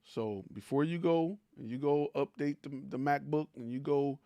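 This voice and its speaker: Host, male, slightly high voice, blunt and teasing, dry close mic. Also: moderate pace, clean tone, dry recording, lo-fi sound. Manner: blunt, teasing, rhetorical questions. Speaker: host of a live stream for creators. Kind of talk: blunt motivational talk.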